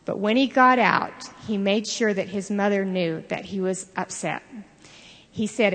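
An older woman giving a sermon, telling stories in an earnest, measured way. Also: mid-range voice, fairly bright tone. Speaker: devotional speaker. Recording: long reverb of a large hall.

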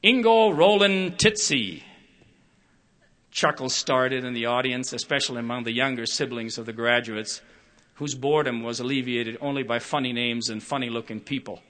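With a voice in the middle range, this older man gives a rehearsed talk to the public. His delivery is deliberate yet expressive, and he performs quoted characters as his stories unfold.

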